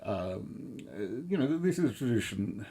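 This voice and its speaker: A middle-aged man giving rambling, sardonic commentary, halting often with fillers and restarts. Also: on the low side, very animated, vocal fry, warm tone, breathy edge.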